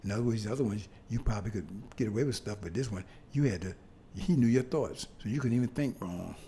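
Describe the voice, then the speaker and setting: A man preaching a sermon to brothers and sisters, talking in a loose, conversational way and often asking "see?" with halting restarts and bursts of emphasis. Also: fairly low pitch, warm tone, a little hiss or hum. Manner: conversational, repeats "see?" to the congregation.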